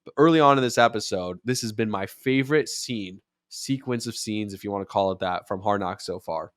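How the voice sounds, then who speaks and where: Animated man in casual sports commentary. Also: fairly low pitch, brisk, dry recording, clean studio sound. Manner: animated, rising to near-shouts when acting out quotes. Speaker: podcast host and sports radio commentator.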